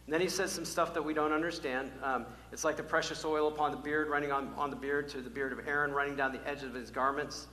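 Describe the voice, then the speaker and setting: A man preaching a sermon as pastor, animated, drawing out key words slowly for emphasis. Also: fairly high pitch. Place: church sanctuary. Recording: echoey church hall, faint hum.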